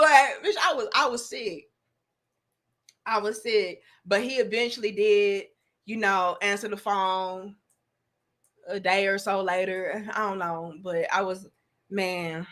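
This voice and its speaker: A woman in her thirties hosting an online show, telling a story to her live chat. She is candid and profane, and she swings between loud outbursts and low asides. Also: measured pace.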